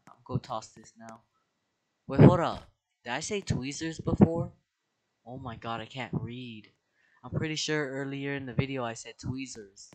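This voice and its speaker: Young man, gaming commentary, slow drawl, middle pitch, excitable outbursts, slangy. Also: poor audio. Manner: excitable, dramatic outbursts and squeals; slang-heavy casual talk. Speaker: gaming video creator. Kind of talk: let's play commentary.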